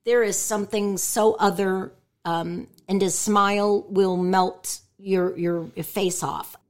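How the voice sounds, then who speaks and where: Outspoken, animated woman voice actress. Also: medium pitch, slow. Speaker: voice actress and stand-up comedian guest. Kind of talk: candid interview chat.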